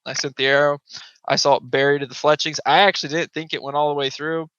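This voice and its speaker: A man's voice: fairly high pitch, quick pace, clear, resonant tone, no room sound. A man, a guest on a podcast, telling a hunting story casually and acting out voices and sounds. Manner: animated, acts out voices and sounds. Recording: dull lo-fi podcast audio.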